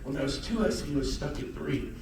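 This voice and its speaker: A man giving a high-energy motivational talk about real estate to a live audience, shouting and teasing the crowd. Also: animated, brisk, vocal fry, background noise. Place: large hall with audience. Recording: echoey hall, mic far off.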